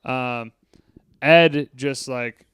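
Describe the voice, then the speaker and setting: A man's voice: mid-range voice, drawn-out words, fairly bright tone, clean tone, no echo. A man co-hosting a casual movie review podcast, quoting lines in mock British voices and swearing casually. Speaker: podcast co-host.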